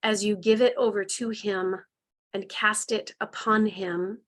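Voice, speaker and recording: An earnest woman gently guides students through a live online spiritual healing session over a video call mic, now and then growing emotional. She keeps a steady tone at medium pitch and talks a little slowly.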